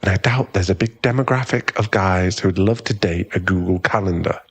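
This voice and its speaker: A man's voice: deep voice, moderate pace, breathy edge, dry recording. A young man playing a cocky, smug rival in an ASMR boyfriend role-play, taunting and chuckling as he talks. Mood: smug mocking. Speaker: ASMR roleplay performer.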